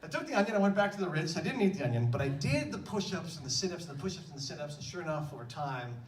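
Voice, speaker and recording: A man telling a comic story on stage in an animated, breathless, exclamatory way. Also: on the high side, rapid-fire. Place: stage in a large room. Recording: echoey stage from far off, faint room ambience.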